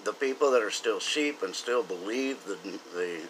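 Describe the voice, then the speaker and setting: A man's voice: fairly low pitch, animated, moderate pace, fairly bright tone, slight background noise, low-quality recording. A man ranting about politics, heated and emphatic, stumbling over repeated words as he gets worked up. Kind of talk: frustrated political rant.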